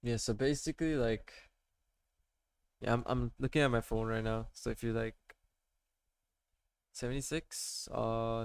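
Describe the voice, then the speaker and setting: A man walks viewers through his trading charts in a casual, meandering way, constantly checking in with "right?" and "okay?". His voice is smooth and clear. The sound is dry and close, with no room echo. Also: mid-range voice, steady tone, measured pace, pauses often. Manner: rambling, full of "like" and "right?", talking to viewers. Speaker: amateur trader showing his charts. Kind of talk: casual screen-share tutorial.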